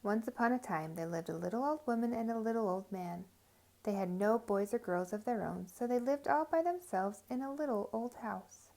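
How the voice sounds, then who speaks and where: A woman reads a children's storybook aloud at a gentle, even pace. Her voice sits a little high and has a gravelly, creaky texture. The delivery is warm storytime narration. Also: normal speed. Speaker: storybook reader.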